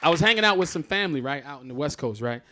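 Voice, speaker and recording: A man working a stand-up set on a theatre stage, his voice pitched high and swinging widely as he talks. He tells stories in a loud, exclamatory, profane way. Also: lively intonation, very fast, a faint crowd, a little hiss or hum. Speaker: stand-up comedian.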